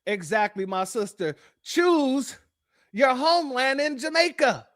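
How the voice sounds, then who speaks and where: A man with a high, bright voice hosts a reaction commentary, talking to his viewers like a congregation. He greets them as family and rises into shouts when he argues. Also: animated, unhurried, no echo, clean studio sound. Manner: preacherly, calls out to viewers as family, breaks into shouting. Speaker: commentary channel host. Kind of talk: reaction commentary on a protest clip.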